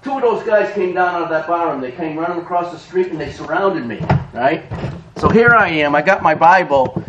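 A middle-aged man preaching a sermon in a church, animated, rising to shouts and breaking into laughter. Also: on the high side, moderate pace, dull audio, a little hiss or hum.

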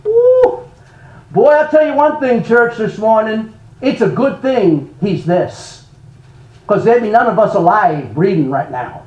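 A man preaches a sermon in a high voice that keeps leaping up and down. He lurches from loud cries to hushed asides and laughs between his lines. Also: measured pace, lo-fi sound. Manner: animated preaching, sudden loud rises and soft drops. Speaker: pastor.

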